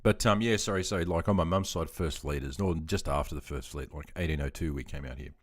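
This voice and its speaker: A man's voice: very deep voice, fairly quick. An Australian man in his fifties, chatting in a rambling, self-deprecating way while reading out chat on a gaming live stream. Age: 50s.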